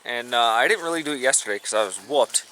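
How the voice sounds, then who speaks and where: A man's voice: medium pitch, animated, fast, bright, forceful tone, a little hiss or hum. A man casually narrating a hiking vlog at an outdoor campsite, rambling with many fillers. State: stuffed up from allergies. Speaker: vlogger.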